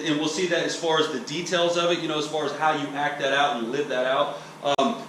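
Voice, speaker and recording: A man's voice: fairly high pitch, a bit bright. A preacher from Texas giving a teaching sermon in a conversational, explanatory way, often checking in with "okay?" and restarting his sentences. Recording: roomy echo, distant mic, faint hiss.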